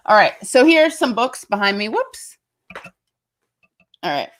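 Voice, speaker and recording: A woman's voice: a little high, very animated, a little slow, a bit bright. An American woman in her thirties hosting a casual livestream, rambling chattily and reading viewer comments aloud. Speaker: show host.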